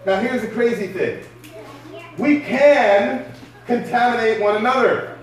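Preacher with a high voice in an echoey hall. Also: male voice, measured pace, recorded from a distance. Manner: conversational preaching with rhetorical questions. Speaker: pastor. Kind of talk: sermon.

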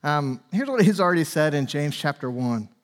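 A man in his forties with a high voice preaches a sermon as pastor. He keeps it loose and conversational, full of little fillers and asides. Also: animated, moderate pace. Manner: conversational and chatty, with frequent fillers.

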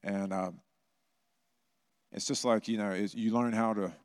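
A middle-aged man pastor giving a conversational sermon, telling personal stories with animated bursts. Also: lowish voice, unhurried, smooth.

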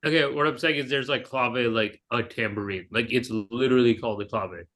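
A man's voice: medium pitch, fairly quick, a bit bright. A young man chatting as a podcast guest, teasing and full of fillers. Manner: teasing, many fillers like 'like' and 'bro'. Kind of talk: casual podcast banter.

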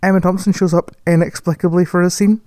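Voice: mid-range voice, little pitch movement, quick pace, darkish tone, no echo. A person chatting casually about a film, rambling, correcting themselves and laughing often. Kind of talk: casual film review chat.

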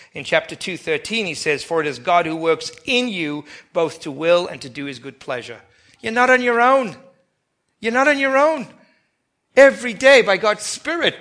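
A man preaching a sermon as pastor, animated, with sudden loud emphatic bursts. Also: a little high.

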